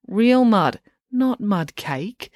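A woman voicing a sweet-sounding but bossy schoolgirl who gives brisk, cheerful orders. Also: mid-range voice, lively intonation, a little mellow, no room sound, studio quality, voice pushed up. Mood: cheerfully bossy.

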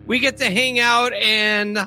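A man's voice: very high voice, flat delivery, bright, forceful tone, dry recording, soft background music. A middle-aged man hosting a casual chat show over a video call, loose and joking. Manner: loose and joking, quick laughs. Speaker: podcast host.

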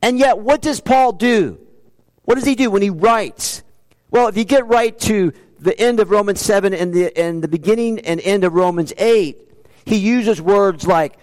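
A man's voice: high-pitched, expressive, measured pace, big-room sound. A man preaching a sermon as pastor, earnest, asking rhetorical questions and repeating key phrases for emphasis.

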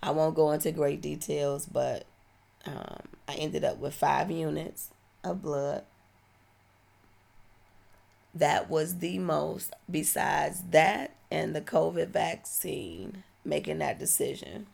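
A woman's voice: low voice, slow, creaky, darkish tone. A woman, giving a heartfelt, reflective personal testimony. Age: 40s.

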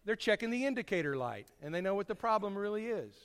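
A man preaching a sermon to his congregation, folksy and storytelling, swinging from loud to hushed. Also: sits high, big pitch swings, quick pace, big-room sound.

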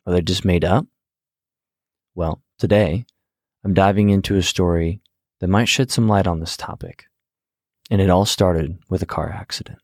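A man's voice: low voice, fairly even intonation, normal speed, long pauses, darkish tone, dry recording, studio quality. A man narrating a true story in a conversational way, with teasing asides to the listener.

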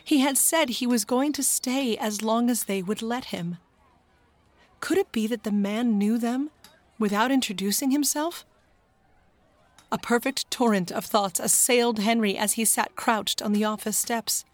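A woman narrating a children's storybook as an audiobook in a calm, even manner. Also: fairly high pitch, a little slow, no echo.

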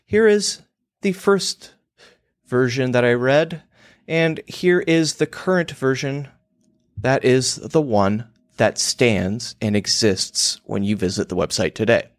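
A man's voice: medium pitch, a little slow, dry recording, clean studio sound. A man hosting his own show, delivering a crude, emphatic monologue on copywriting. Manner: emphatic, provocative, crude and theatrical.

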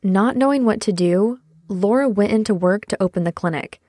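A woman hosting a podcast, giving measured narration between interview clips. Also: mid-range voice, darkish tone, no echo, clean studio sound.

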